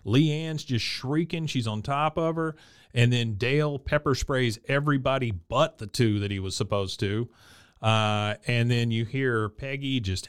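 A podcast co-host with a medium-pitched, clear, resonant voice speaks at a measured pace in a casual recap chat. He retells scenes, reading the characters' lines in put-on voices.

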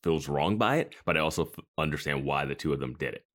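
A man's voice: a bass voice, quick pace, fairly bright tone. A man co-hosting a podcast, chatting casually and thinking aloud as he talks. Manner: conversational, thinks aloud with restarts. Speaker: podcast co-host. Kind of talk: casual chat.

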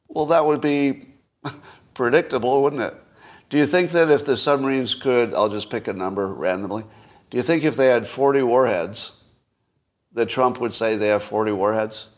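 A man talks alone on his own podcast, riffing on current affairs. He is wry and skeptical, lining up rhetorical questions and letting out dry little chuckles between points. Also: medium pitch. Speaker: podcast host. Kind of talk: solo political commentary.

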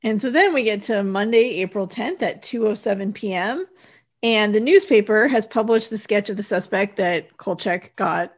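A woman's voice: mid-range voice, normal speed. A woman in casual chat, walking through a film's plot step by step with dates and times. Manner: steady plot summary, reads out dates and times. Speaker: podcast co-host. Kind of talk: casual chat recapping a film.

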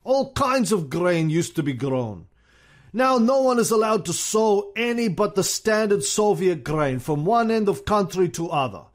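A man's voice: high-pitched, animated, a little slow, voice pushed up. A man doing a blunt old Soviet strongman. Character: gruff Soviet dictator, older man, blunt and pragmatic.

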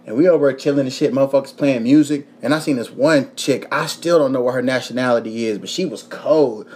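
A man's voice: mid-range voice, fairly quick. A young man from Kentucky with a Kentucky accent, hosting a podcast and telling a rowdy story in casual chat, full of cursing and acted-out quotes. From Kentucky, USA. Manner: profane, animated storytelling with voiced quotes. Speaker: podcast host.

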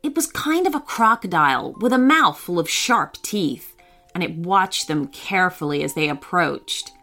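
A woman narrating a children's story in a gentle, expressive way, voicing the children as she goes. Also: on the low side, moderate pace, soft background music.

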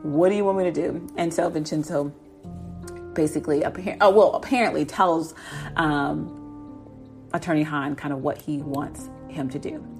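A woman's voice: low voice, normal speed, darkish tone, faint music behind. Chatty woman recapping a drama. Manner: chatty, laughs often, acts out characters' lines. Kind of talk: casual episode recap.

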